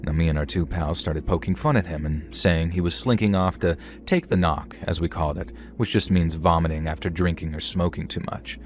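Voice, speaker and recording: A young man narrating a first-person horror story in a measured, conversational way with casual slang. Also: deep voice, fairly even intonation. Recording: faint music underneath.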